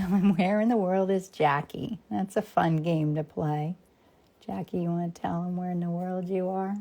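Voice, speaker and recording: Speaking in a lowish, dark voice with fairly even intonation and moderate pace, a woman in her fifties chats casually through a live painting demo. She reasons aloud as she works, greets viewers by name, and at times falls to a near whisper.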